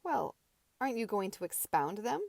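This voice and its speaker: A woman voicing a brash, loud middle-aged male teacher in an amateur audiobook, booming and bluff. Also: sing-song, normal speed, gravelly, no echo. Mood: blustering. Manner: booming and bluff, mock-hectoring.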